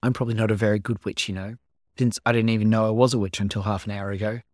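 A man's voice: fairly low pitch, little pitch movement, very fast, dry recording, natural voice. A man voicing a nervous, timid young boy who hesitates and stammers in a dry, close recording.

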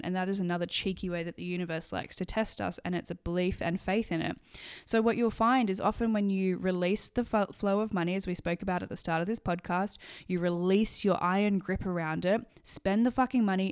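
Fast-talking sweary woman. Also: medium pitch, clear, resonant tone. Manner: blunt and sweary, lots of profanity; animated, acts out quoted voices. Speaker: podcast host. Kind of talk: casual solo podcast monologue.

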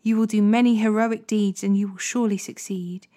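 A repentant older king, read aloud by a woman. The delivery is measured and plain. It sounds like a reader's own voice rather than an acted character. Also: medium pitch, steady tone, warm tone, lightly acted. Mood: contrite.

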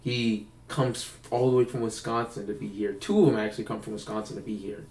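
A man's voice: fairly low pitch, fairly even intonation, a little fast, a little mellow. A young man telling rambling stories in casual chat, co-hosting a podcast. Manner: rambling, acts out quoted voices. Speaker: podcast co-host. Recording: roomy, distant mic.

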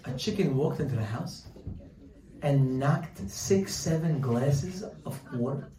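A man giving a Torah lesson, telling a story with lively quoted voices. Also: on the high side, slow, roomy sound, distant mic, low-quality recording. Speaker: Torah teacher. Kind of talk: sermon with storytelling.

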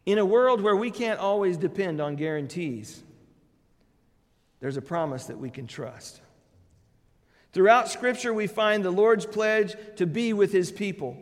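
A high-pitched male preacher delivering a sermon with strong emphasis. His voice rises into loud declarations and drops into quiet, low endings. The sound carries a long reverb from a large hall.

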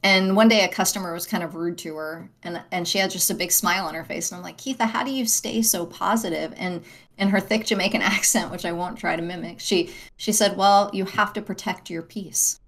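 Earnest woman guest, lowish voice. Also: fairly quick, a bit bright. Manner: earnest, talks with her hands in words, frequent "right?" tags and restarts. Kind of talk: interview conversation.

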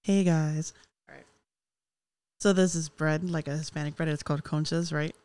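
A woman's voice: sits low, fairly even intonation, normal speed, darkish tone, no room sound. A woman co-host telling a funny story in casual chat, swearing and laughing through it.

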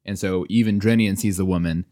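A man co-hosting a podcast, retelling a book in casual chat, animated and laughing often. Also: sits low, fairly quick. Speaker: podcast co-host.

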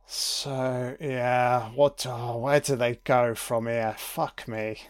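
A man's voice: medium pitch, little pitch movement, slow, smooth. A man giving a casual, sweary and wry commentary over a film.

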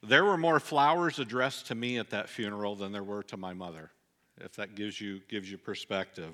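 A middle-aged man delivering a sermon, telling a personal story earnestly and dropping soft and low at the sad moments. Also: normal speed. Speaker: pastor.

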